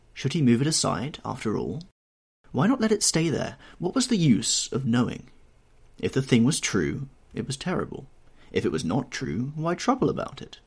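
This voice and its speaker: A man reading a classic novel aloud as an audiobook narrator, in an expressive, measured storytelling manner. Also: fairly low pitch, gravelly, husky. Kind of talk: scripted narration.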